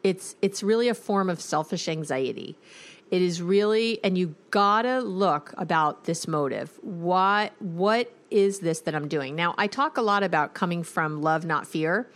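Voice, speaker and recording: A woman's voice: lowish voice, unhurried. A middle-aged woman therapist hosting an advice podcast, talking in a casual, conversational way and acting out her clients' words when she quotes them. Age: middle-aged or older.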